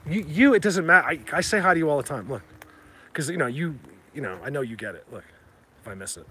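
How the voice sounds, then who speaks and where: A man hosting a casual livestream from outdoors in the rain, talking excitedly to viewers through a handheld phone as he walks. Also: on the high side, quick pace, slight background noise. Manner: rambling, excitable, addresses viewers. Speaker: livestream host. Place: outdoors in woods during rain.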